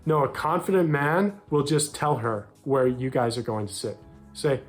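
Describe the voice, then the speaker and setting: Faint music runs beneath this direct-to-camera dating advice from a young American man coaching men. Upbeat and direct, he acts out short quoted lines in a mid-range voice at a moderate pace.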